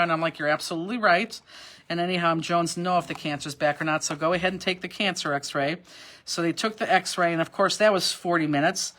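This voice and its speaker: A woman's voice: lowish voice, brisk, fairly bright tone. A middle-aged woman hosting a live online craft class, rambling through a personal story between cutting instructions, with many fillers and restarts. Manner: rambling, chatty, emotional, with frequent fillers and restarts. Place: warehouse workspace.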